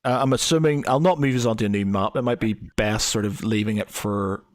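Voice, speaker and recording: A man's voice: on the low side, brisk, no echo, clean studio sound. A man running a tabletop role-playing session as dungeon master, rambling and hesitant, laughing often and acting out voices in his stories. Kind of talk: running a tabletop game, casual chat.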